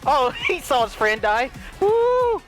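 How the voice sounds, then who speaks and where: A man giving excited gameplay commentary, giggling and wheezing with laughter constantly and gleefully taunting other players. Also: very high-pitched, slow pace. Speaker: gaming video creator. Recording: game music playing behind.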